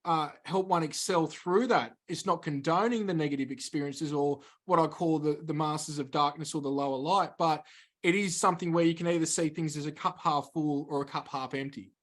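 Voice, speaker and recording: A man speaks as a guest on a talk show, answering in a measured, explanatory manner. His voice is pitched somewhat high for a man, and he builds his points step by step. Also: fairly bright tone. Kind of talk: spiritual interview talk.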